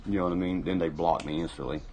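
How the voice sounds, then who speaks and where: A man's voice: low voice, fairly even intonation, quick pace, darkish tone, slight background noise, rough recording. A man hosting a casual livestream, rambling and boastful, swearing often while he drinks. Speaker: livestream host.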